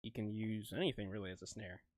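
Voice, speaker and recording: A young man streams himself producing music, chatting casually, rambling, interrupting himself and laughing often. His voice sits on the low side, with fairly even intonation and a quick pace, in studio-quality audio with no room sound.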